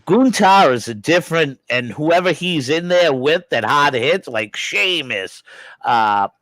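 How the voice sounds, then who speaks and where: A man's voice: fairly high pitch, expressive, measured pace, fairly bright tone, no echo. A man chatting about wrestling on a panel, speaking emphatically and often giving short agreeing replies. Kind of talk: casual wrestling chat.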